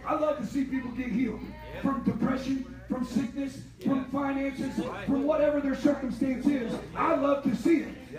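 A man preaches with fervor and a very high voice, swinging between quiet talk and shouting. He is recorded from a distance in an echoey church hall. A congregation answers him from the pews. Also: steady tone, normal speed, a crowd in the background. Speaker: lay preacher. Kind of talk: fervent sermon. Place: church sanctuary.

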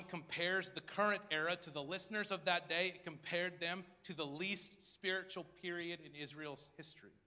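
A man preaching a sermon in a dramatic style, acting out crowd voices and swinging between loud and hushed. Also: on the high side, long reverb tail. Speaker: pastor. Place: large church hall.

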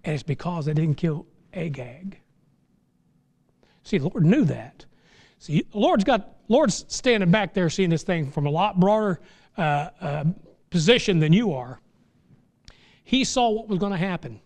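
A middle-aged man preaching a sermon from the pulpit, his voice sitting notably high for a man. He talks in a folksy, plainspoken way, then climbs into fervent, impassioned stretches. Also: expressive, measured pace, long pauses. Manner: folksy, rises to impassioned crescendos. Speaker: pastor.

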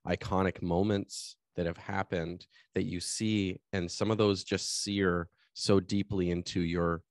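A man's voice: low-pitched, flat delivery, measured pace, no room sound, clean studio sound. A man hosting a podcast, also a coach, talking with enthusiasm in long flowing thoughts. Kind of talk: casual interview chat.

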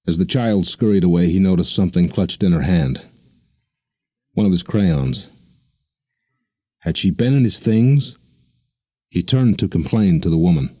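A man narrating an audiobook in a steady, even storytelling manner. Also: low voice, a little slow, long pauses, no room sound. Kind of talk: scripted narration.

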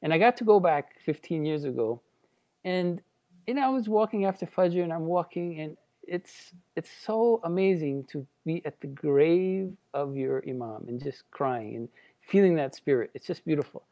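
A man on a religious panel show, sharing a heartfelt memory in a halting way with many restarts. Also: a little high, animated, dark tone. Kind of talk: personal reflection in a panel discussion.

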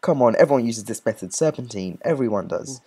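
A man hosting a gaming video, commentating casually with excitable, panicky, joking banter. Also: mid-range voice, a little fast, breathy edge. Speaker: gaming channel host.

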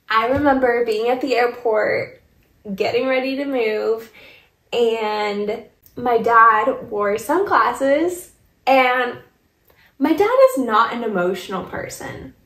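A woman's voice: a little high, takes it slowly, fairly bright tone. A young woman from Michigan telling a personal story in a casual vlog, getting tearful and laughing through the emotion. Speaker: vlogger. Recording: echoey room.

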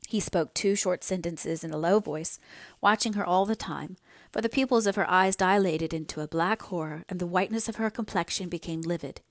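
A woman narrating a classic novel aloud in a measured, expressive storytelling manner. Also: fairly low pitch, no room sound, clean studio sound. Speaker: audiobook narrator.

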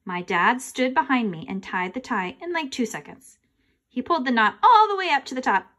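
A woman reading a children's chapter book aloud. Her voice sits high and bounces with lively, expressive swings. She reads with animated storytelling energy. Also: moderate pace. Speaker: reader.

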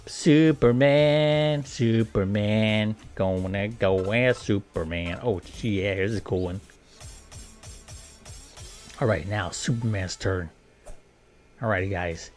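A man's voice: sits low, slow pace, pauses often, faint music behind. A man casually commentating a video game, joking and talking playfully to the characters. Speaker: gameplay commentator.

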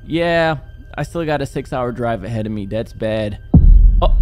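A man doing joking, animated play-by-play commentary while playing a horror game. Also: mid-range voice, normal speed, soft background music. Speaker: gaming YouTuber.

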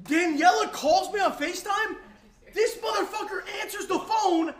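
A young man teasing his friends loudly and shouting through a casual reaction chat. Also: very high voice, normal speed, roomy sound.

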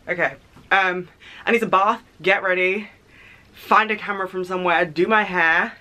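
Bright-voiced chatty young woman. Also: fairly low pitch, normal speed, slight background noise. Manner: chatty and excitable, rambling with fillers. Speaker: vlogger. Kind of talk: casual vlog chat.

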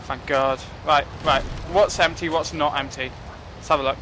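A young man giving casual, excitable commentary while playing a game, joking and swearing at what happens on screen. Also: a little high, moderate pace, noisy background. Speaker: gaming commentator.

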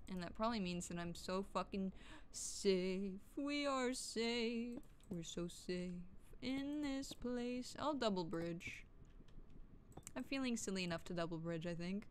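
Gamer girl talking to herself while playing, swears a lot, jumpy, little bit of hiss behind. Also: medium pitch. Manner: chatty, profane, jokey self-talk; jumpy, yelps when startled. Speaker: gaming streamer. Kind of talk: casual gameplay commentary.

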